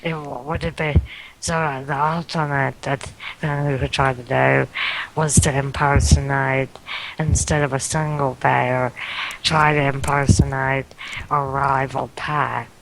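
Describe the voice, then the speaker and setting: Slow, flat-voiced gravelly man player. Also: mid-range voice, a little hiss or hum, low-quality recording. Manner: slow, methodical, thinking aloud. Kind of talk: playing a tabletop game.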